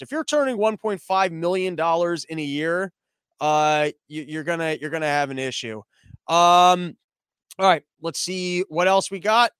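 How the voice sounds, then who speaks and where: A man's voice: sits high, a bit bright, clear, resonant tone, no echo, studio quality. A young man hosting a casual news commentary show, rambling with profane, sarcastic asides.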